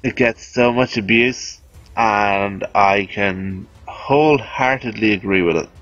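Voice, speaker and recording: A man's voice: on the low side, takes it slowly, fairly bright tone, no echo, muffled recording, soft background music. A man giving casual, chatty, self-amused commentary over a video game as he explains weapons. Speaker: game guide host.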